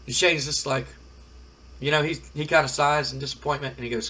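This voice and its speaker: A man hosting a gaming video, retelling the story of his game with animated reactions. His voice sits a little high and has a husky texture. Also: a little fast. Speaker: gaming channel host.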